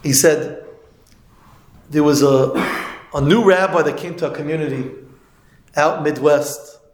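Male preacher with a higher voice, animated storyteller, recorded in an echoey room. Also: measured pace. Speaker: religious speaker. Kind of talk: sermon storytelling.

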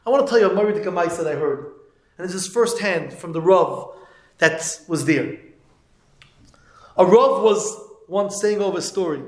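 Male preacher with a higher voice, animated storyteller, recorded in an echoey room. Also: normal speed, pauses often. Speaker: religious speaker. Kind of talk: sermon storytelling.

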